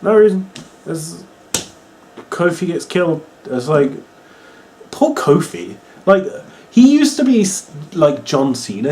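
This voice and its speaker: Young English guy, Norwich accent, rambling wrestling reviewer; lively, swinging pitch, a touch higher than most men. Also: slight background noise. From England. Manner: rambling, excitable, swears, mocks wrestlers in silly voices. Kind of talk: casual video review.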